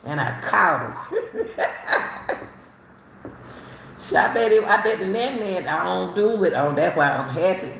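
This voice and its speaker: Laughing, animated woman in an echoey room. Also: fairly low pitch, a little slow, creaky, pauses often, a little hiss or hum. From Chicago. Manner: animated, laughs often mid-sentence, repeats herself. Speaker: speaker telling her own story. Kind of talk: casual storytelling. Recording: roomy echo, faint ambience.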